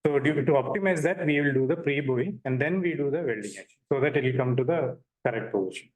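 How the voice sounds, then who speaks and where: A man presenting a technical lecture in a hall to an audience, talking haltingly with many fillers. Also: mid-range voice. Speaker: workshop presenter.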